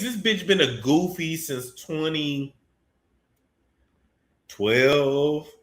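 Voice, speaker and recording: A man hosting celebrity gossip commentary, talking in a profane, mocking way with sudden bursts of shouting. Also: a little high. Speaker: commentary host. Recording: echoey room.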